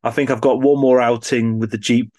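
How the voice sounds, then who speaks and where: Man, co-host, chatty and rambling, dry close mic, mid pitch. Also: flat delivery, a little fast, a little mellow, no echo. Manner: chatty, rambling, with restarts and laughs. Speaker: podcast co-host. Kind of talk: casual chat.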